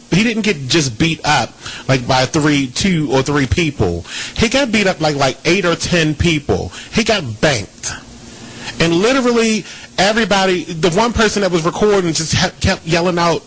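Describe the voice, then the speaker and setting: A man hosting a casual radio talk show, ranting and gossiping in an animated, indignant way. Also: high voice, normal speed, husky, poor audio.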